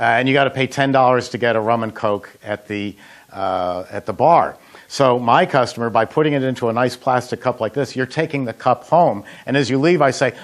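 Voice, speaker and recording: A middle-aged man casually demonstrating frozen dessert recipes in a kitchen, telling folksy anecdotes with plenty of fillers. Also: medium pitch. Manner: folksy storyteller, chatty with frequent uh fillers. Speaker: ice cream machine company head demonstrating recipes.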